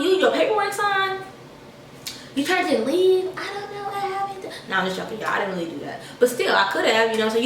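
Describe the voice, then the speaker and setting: A young woman vlogger telling a casual storytime to her viewers in a sassy, animated way. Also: high voice, echoey room, distant mic, a little hiss or hum, low-quality recording.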